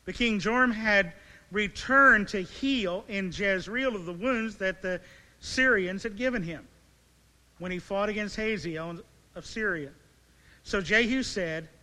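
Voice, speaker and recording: Slow deliberate male preacher, sharp bright tone, dramatic storytelling, pauses a lot. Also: sits high. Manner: reads scripture, then retells it as vivid dramatic storytelling; asks rhetorical questions with emphatic pauses. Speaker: pastor. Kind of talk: sermon. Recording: long reverb of a large hall.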